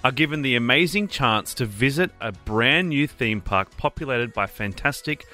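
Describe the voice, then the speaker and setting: A man on a radio show, reading movie quiz clues in a clear, measured way. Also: mid-range voice, expressive, pushed and bright, soft background music.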